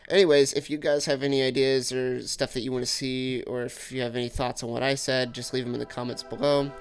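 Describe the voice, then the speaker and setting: Gravelly-voiced excitable young man rambling. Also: medium pitch, fairly quick, faint music behind. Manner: rambling and excitable, full of "like" fillers. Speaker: gaming video host. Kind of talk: casual gaming predictions vlog.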